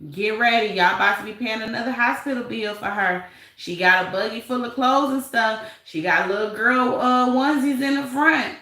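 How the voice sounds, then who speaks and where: A woman's voice: fairly high pitch, normal speed, bright, forceful tone, echoey room, poor audio. A woman hosting a live stream, reading chat and gossiping in a sassy, laughing way. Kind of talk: casual live chat commentary.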